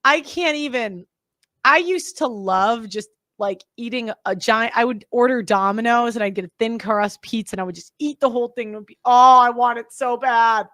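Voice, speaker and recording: A high-pitched woman talks in a loose, chatty way, her sentences trailing off and restarting. The sound is close and dry, with no room in it. She rambles casually, like she's on a podcast. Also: moderate pace, fairly bright tone, dry recording. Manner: chatty, rambling, self-interrupting. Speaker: influencer.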